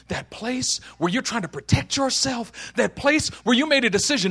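A man preaching a sermon, telling a story and acting out the voices in it, dropping to a hush and then rising to shouts. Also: high-pitched, animated, normal speed, slightly rough. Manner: storytelling with acted voices, swings from hushed to shouting.

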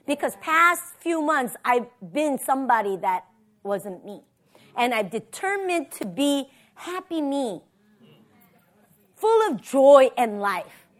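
A woman's voice: sits high, very animated, slow pace. A woman pastor giving a conversational sermon, telling personal stories and often checking in with "right?". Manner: personal storytelling, tags lines with "right?".

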